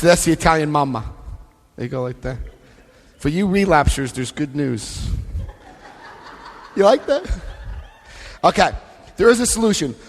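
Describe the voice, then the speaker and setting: A man giving a lively, joking talk to an AA convention crowd, often acting out other people's voices. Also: fairly high pitch. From United States. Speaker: AA convention speaker. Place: large convention hall. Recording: live hall recording with long reverb.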